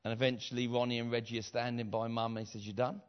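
A middle-aged man preaching with lively storytelling, slipping into character voices and building to loud repeated cries. His voice sits in an ordinary middle pitch. The recording sounds a little dull and lo-fi. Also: quick pace. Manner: animated storyteller acting out voices, repeats phrases, builds to shouts. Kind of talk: sermon storytelling.

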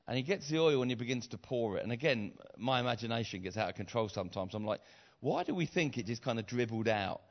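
A middle-aged man preaching a sermon, retelling a story with acted voices, repeated phrases and rising shouts. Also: mid-range voice, lively intonation, quick pace, few pauses. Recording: slightly dull lo-fi sound.

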